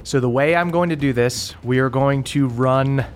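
Halting male game master. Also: mid-range voice. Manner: halting, full of ums and uhs. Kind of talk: narrating a tabletop game.

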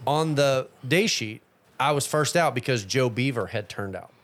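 A man hosting a casual podcast interview, a roper himself, teasing his guest and telling stories in a lively way. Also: medium pitch, moderate pace. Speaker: podcast host and rodeo roper.

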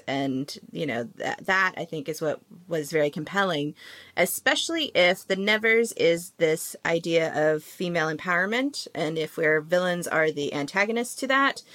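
A woman's voice: sits low, dry recording. A woman hosting a casual podcast chat, chatty and laughing often. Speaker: podcast host.

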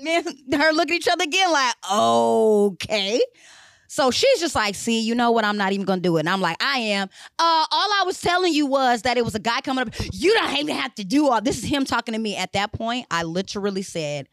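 Animated, profane woman storyteller. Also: sits high, brisk, hardly any pauses, dry recording, studio quality. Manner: animated, profane, acts out dialogue. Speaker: podcast co-host. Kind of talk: casual storytelling chat.

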